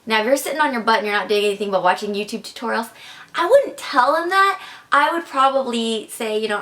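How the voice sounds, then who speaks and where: A woman's voice: fairly high pitch, expressive, fast, sharp tone. A young woman giving chatty, casual advice in a vlog, filling her talk with "like" and "kinda". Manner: chatty, filler-heavy with frequent "like" and "kinda". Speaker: advice vlogger.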